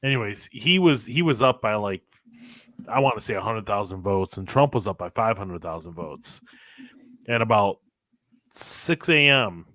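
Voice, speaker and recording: Low-voiced man from Detroit, rambling. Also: lively intonation, moderate pace, sharp tone, dry recording. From Detroit, Michigan. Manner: rambling, trails off mid-thought. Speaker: livestream co-host. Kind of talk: casual election-night chat.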